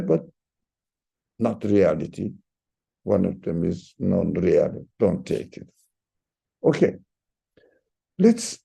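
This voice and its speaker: Slow gravelly-voiced male religious teacher. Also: mid-range voice, mellow. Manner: halting, repeats words, rises sharply for emphasis. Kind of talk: reflective religious lesson.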